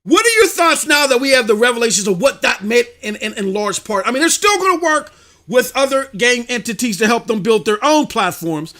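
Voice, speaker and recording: Bright high-voiced man co-hosting. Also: very animated, a little fast. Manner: emphatic, talks to co-host by name. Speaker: podcast co-host. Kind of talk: casual livestream podcast talk.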